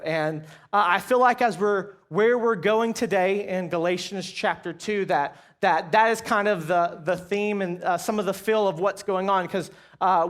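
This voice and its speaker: A man's voice: high-pitched, a bit bright. A pastor delivering a sermon in a conversational, storytelling way, talking straight to his listeners. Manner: conversational, many fillers and restarts, addresses audience.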